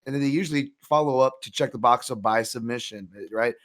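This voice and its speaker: A man's voice: mid-range voice, quick pace, a bit bright. A man co-hosting a betting show, analysing fights in casual chat with many restarts and asides. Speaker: co-host, MMA analyst.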